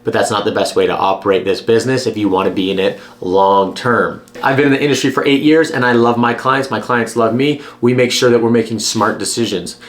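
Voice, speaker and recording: A man's voice: on the low side, fairly quick, few pauses. A man who works as a real estate agent, talking straight to camera in a blunt, emphatic, persuasive way. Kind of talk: direct-to-camera advice vlog.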